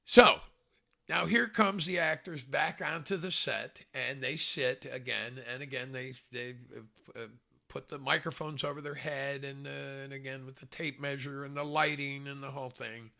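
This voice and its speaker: A man's voice: medium pitch, steady tone, normal speed, creaky, pushed and bright. A man casually telling a self-mocking story, chuckling often as he talks. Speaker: storyteller recalling a film job.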